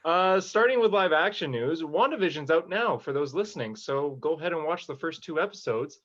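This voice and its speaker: A young man hosting a podcast and moving things along in an upbeat, casual way. His voice sits a little high. It comes through a dull, lo-fi mic. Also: lively intonation, brisk, fairly bright tone. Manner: upbeat, runs the segments. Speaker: podcast host. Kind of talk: casual chat.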